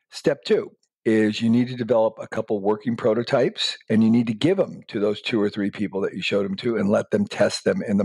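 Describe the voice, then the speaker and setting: Lowish and slightly mellow, this middle-aged guest entrepreneur's voice drives home blunt, step-by-step advice during an interview, and he voices quoted dialogue loudly and emphatically. There's no room sound in the recording.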